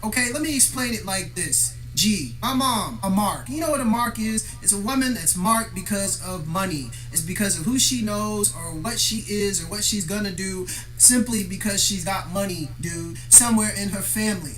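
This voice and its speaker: A man's voice: high voice, normal speed, over music. A man delivering a profane, aggrieved, confrontational monologue straight to the viewer, vlog style. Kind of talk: ranting monologue to camera.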